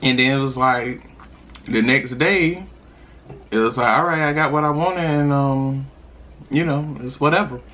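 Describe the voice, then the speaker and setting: A young man vlogging while eating, telling a personal story in a chatty, animated way with sudden high laughs. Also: measured pace, long pauses. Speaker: mukbang vlogger.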